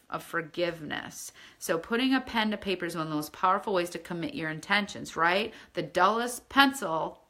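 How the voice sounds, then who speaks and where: Here a woman teaches a spiritual course informally, earnest and chatty, pausing often to check in with listeners. Her voice is fairly low, with a pushed, bright quality.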